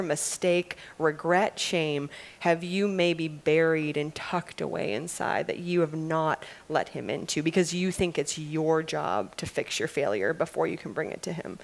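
A woman delivering an earnest devotional sermon to women, slowing and softening her voice for emphasis. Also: low voice. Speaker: women's ministry speaker.

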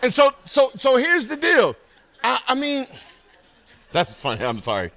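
Man preaching, middle-aged, lively swooping pitch, bright forceful tone, calls out to the congregation. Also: measured pace, a little hiss or hum. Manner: animated preaching with call-and-response asides. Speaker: pastor. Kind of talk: sermon.

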